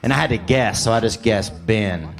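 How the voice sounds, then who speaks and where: A man's voice: lowish voice, moderate pace. A man doing stand-up comedy, telling a rambling story with a wry delivery.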